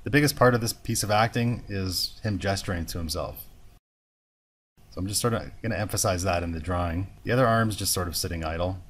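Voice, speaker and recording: Male animation tutor, lowish voice, relaxed, narrates his steps as he works. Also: a little fast, slightly rough. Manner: relaxed, thinking aloud step by step. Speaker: animation instructor. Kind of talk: screen-recorded software tutorial.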